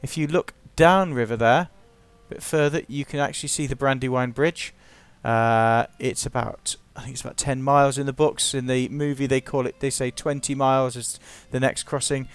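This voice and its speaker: A man's voice: medium pitch, fairly even intonation, normal speed, hardly any pauses, clear, resonant tone. A man giving casual, playful, self-mocking commentary while narrating his gameplay.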